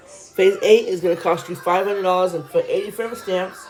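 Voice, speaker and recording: With a medium-pitched, darkish voice and soft background music, this vlogger gives a casual explanation of a money program. Figures come out quickly, mixed with chatty remarks to the audience, and she's slightly out of breath.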